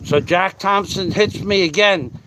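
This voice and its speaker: A man's voice: high voice, unhurried. A man hosting a casual livestream while working outdoors, reading chat comments aloud and swearing freely. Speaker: livestream host. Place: outdoors in a yard, working on metal. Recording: loud outdoor background noise.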